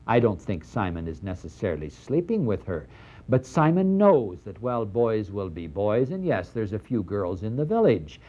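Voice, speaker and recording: An older man giving a lecture on scripture, animated and acting out the dialogue in dramatic voices. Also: fairly low pitch, normal speed. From Middle East. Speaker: lecturer on the New Testament. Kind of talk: university-style lecture.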